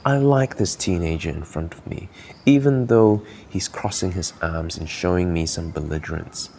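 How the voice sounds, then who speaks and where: A man's voice: deep voice, normal speed, vocal fry, a little mellow, slight background noise. A man from Malaysia hosting a podcast, giving earnest, encouraging coaching talk while thinking aloud. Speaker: podcast host.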